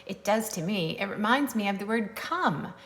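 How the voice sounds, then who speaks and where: A woman teacher giving a recorded sight-word lesson to young children, spelling words slowly and clearly in a playful sing-song way. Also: mid-range voice, animated.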